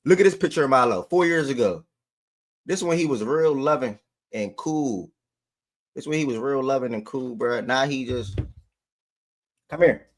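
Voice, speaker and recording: A man's voice: medium pitch, normal speed. A man hosting a sports livestream, talking to his chat in loose, slangy casual speech. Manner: loose slangy talk, breaks off to call his dog.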